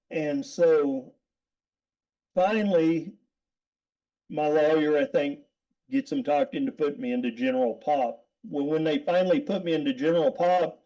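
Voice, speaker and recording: A man's voice: on the high side, mellow, lo-fi sound. A middle-aged man, a guest, telling a story casually, rambling with repeated words and frequent laughs.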